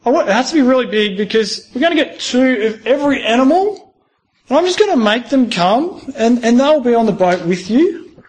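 A man's voice: very high-pitched, lively intonation, a little fast, pitched above the performer's own voice. A man voicing God as a breezy, insistent figure who brushes off doubts. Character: God, a calm, insistent, matter-of-fact male deity.

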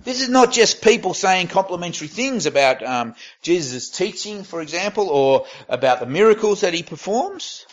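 A man delivers a sermon in a raised, high register. His tone stays conversational as he reads scripture aloud. He often pauses and restarts to find the right words. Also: big pitch swings, muffled recording. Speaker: preacher.

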